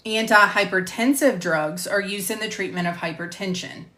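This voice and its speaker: A woman instructor reading lecture material on drugs at a measured pace, stopping to correct herself and chat. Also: medium pitch, bright, forceful tone, reverberant. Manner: measured, careful reading of drug terms, self-correcting. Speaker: medical coding instructor. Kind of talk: recording lecture narration, with casual asides. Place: home room with door closed.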